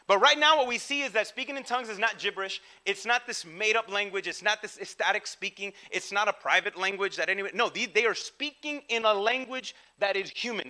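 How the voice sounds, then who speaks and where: Man, pastor, casual slangy sermon, high voice, very bright tone. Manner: casual, slangy, animated, with frequent restarts. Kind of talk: conversational sermon.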